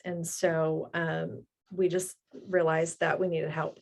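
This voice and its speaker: A middle-aged mother recounts a painful time in her family's life. Her voice sits a little low, and she speaks earnestly, halting now and then on small fillers. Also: flat delivery, creaky, darkish tone. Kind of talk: personal testimony.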